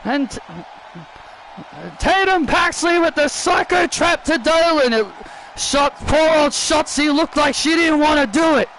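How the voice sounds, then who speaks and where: High, bright-voiced excited male commentator. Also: measured pace, a little hiss or hum, rough recording. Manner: repeats and restarts phrases, shouts at big moments. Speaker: YouTuber commentating a wrestling video game.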